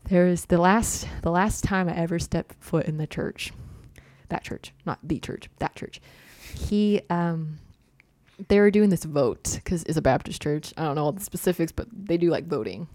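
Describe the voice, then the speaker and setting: A woman's voice: lowish voice, normal speed, a little mellow, dry recording. A young woman telling a personal story in casual chat, full of "like" and little laughs. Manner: chatty, heavy use of "like", laughs often.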